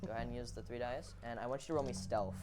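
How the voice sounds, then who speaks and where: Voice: medium pitch, steady tone, rapid-fire, heavy background noise. A game master narrating a tabletop game in a playful, theatrical way.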